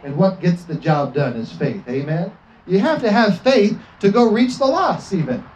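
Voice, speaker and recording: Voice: medium pitch, very animated, moderate pace, darkish tone, slight background noise, rough recording. A preacher giving a fervent sermon, often asking the congregation for an amen and slipping into acted quotes.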